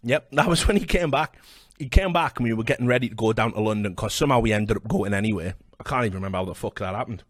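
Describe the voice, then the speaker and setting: A man's voice: lowish voice, fast talker, no room sound, clean studio sound. A young Welsh man casually telling a story on a podcast, swearing freely, laughing and acting out the voices of the people in it. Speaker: podcast host.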